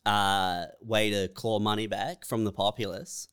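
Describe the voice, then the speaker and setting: Smooth-voiced man with blunt banter. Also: on the low side, fairly even intonation, unhurried, fairly bright tone. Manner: blunt, swears casually. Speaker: podcast co-host. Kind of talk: casual comedic chat.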